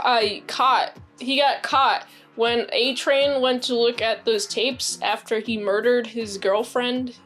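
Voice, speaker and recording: A woman casually recapping a TV episode, chatty and excitable, filling her talk with "like". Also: on the high side. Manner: chatty and excitable, heavy use of "like", acts out quoted lines. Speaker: series reviewer.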